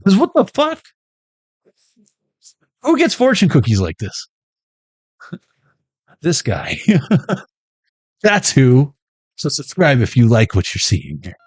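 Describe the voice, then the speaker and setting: A man's voice: mid-range voice, wildly swooping pitch, slow pace, long pauses, slightly rough, no room sound. A man hosting a casual card reading in a sarcastic, profane, joking manner. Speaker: intuitive card reader.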